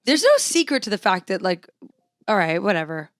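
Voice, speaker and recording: A woman's voice: mid-range voice, big pitch swings, a little fast, dry recording, clean studio sound. A young woman co-hosting a podcast in casual chat, teasing and rambling with lots of "like". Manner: chatty, teasing, rambling with many "like"s. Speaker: podcast co-host.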